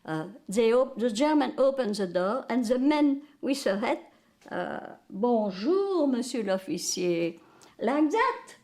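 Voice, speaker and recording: Older Belgian French-accented woman, French native, slow unhurried delivery, halting, hunting for English words. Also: on the high side, expressive, darkish tone. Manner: halting, searches for English words, many restarts. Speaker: interviewee. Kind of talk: recounting wartime memories.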